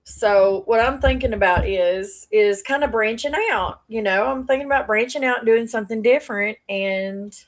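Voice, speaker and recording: A woman's voice: on the high side, moderate pace, few pauses. A woman chatting animatedly on a casual live stream, rambling with lots of fillers, into a plugged-in external mic. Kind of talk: casual livestream chat to viewers. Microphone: plugged-in external mic on phone stream.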